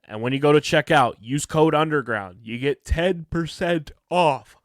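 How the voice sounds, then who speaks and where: A man's voice: fairly high pitch, no echo. Male host, tired late-night energy, enthusiastic reviewer, dry close sound. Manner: energetic, enthusiastic, fast ad reads. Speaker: podcast host. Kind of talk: podcast review and ad reads.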